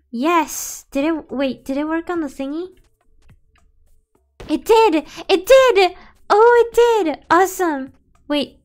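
A bilingual woman gaming streamer with a high voice chats casually, switching between English and Spanish and breaking into excitable outbursts. Faint music plays in the background.

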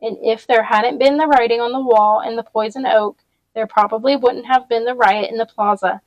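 A woman reading a novel aloud in a relaxed read-along style, with small restarts as she goes. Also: fairly high pitch, normal speed, dry recording, poor audio.

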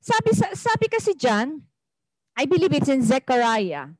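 A woman's voice: high-pitched, very animated, moderate pace, no room sound, low-quality recording. A woman pastor with a Filipino accent preaching a sermon, switching between English and Tagalog and asking the congregation rhetorical questions.

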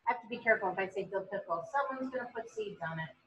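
A woman's voice: mid-range voice, animated, racing, a bit bright, slight background noise, poor audio. A woman teaching an online painting class on a video call, chatty and encouraging. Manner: chatty, encouraging, bubbly when praising. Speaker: painting instructor.

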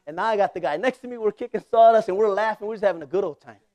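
In a loose, joking storytelling sermon, a forties-aged pastor with a fairly high voice laughs easily, jumping to loud bursts and then dropping into quiet asides. He speaks very fast and conversationally, and the recording has no room sound.

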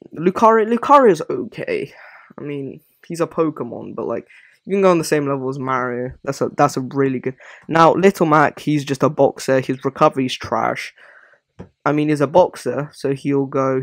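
A man talking casually at a mid-range pitch, rambling and apologizing often as he works through his commentary. The recording is dry and close, with no room echo. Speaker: gaming video creator. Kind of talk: casual commentary on a character ranking.

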